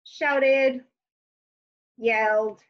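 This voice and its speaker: A woman teacher with a somewhat high voice leads young children through their homework, musing aloud with soft hums and fillers. The sound is a little dull and lo-fi. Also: steady tone, drawn-out words.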